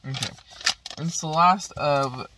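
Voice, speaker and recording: A woman's voice: low-pitched, takes it slowly, fairly bright tone, a little hiss or hum. A woman vlogger in a casual, profanity-heavy rant, talking frustratedly while smoking at home.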